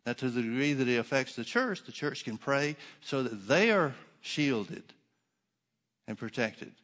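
A man's voice: mid-range voice, expressive, unhurried, a bit bright. A man preaching a sermon as pastor, emphatic, with rhetorical questions and dry sarcastic asides.

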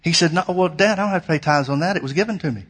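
A man's voice: fairly high pitch, rapid-fire, a bit bright, husky. A man preaching a sermon, telling a personal story in an earnest, emphatic way. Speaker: pastor.

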